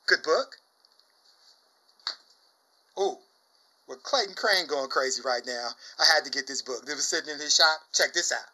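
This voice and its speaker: A young man chatting casually about his comic book finds, exuberant, saying "y'all" often and bursting into loud shouts and laughs. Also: a little high, lively intonation, normal speed, pauses often, low-quality recording. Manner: exuberant, says "y'all" a lot. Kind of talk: casual chat.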